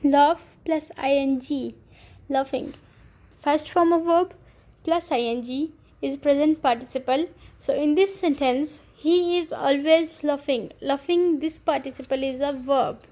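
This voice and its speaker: A woman teacher giving a recorded English grammar lesson, explaining slowly and carefully and spelling out letters. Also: high-pitched, dark tone. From Pakistan.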